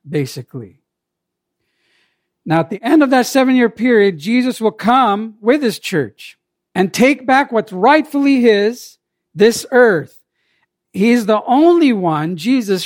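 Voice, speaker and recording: A man's voice: high voice, no echo, clean studio sound. A man preaching a sermon as pastor, with emphatic delivery that rises and falls.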